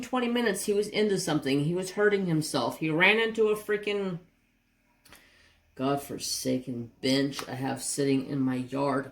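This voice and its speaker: Low-pitched woman, casual craft vlog chat, rambling animated storytelling, mild swearing. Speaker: craft channel host.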